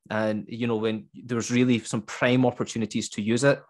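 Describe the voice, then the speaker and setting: Scottish man from Glasgow, English teacher, animated and chatty, medium pitch. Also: brisk, hardly any pauses. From Scotland. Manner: lively, asks rhetorical questions. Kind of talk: casual conversation.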